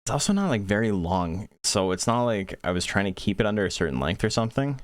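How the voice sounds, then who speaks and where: A man giving casual play-by-play commentary on a monster-raising game tournament, chatting quickly and answering questions from chat. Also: lowish voice, very animated, dry recording, clean studio sound.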